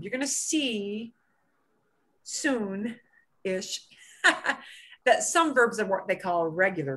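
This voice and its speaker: A woman teaching a beginner Spanish lesson, slowing down to stress words and checking in with "okay?" often. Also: medium pitch, a bit bright.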